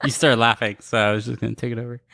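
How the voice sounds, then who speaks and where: A woman co-hosting a podcast in casual chat, playful and quick to laugh. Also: very deep voice, level tone, gravelly, fairly bright tone, no echo, clean studio sound. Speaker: podcast co-host.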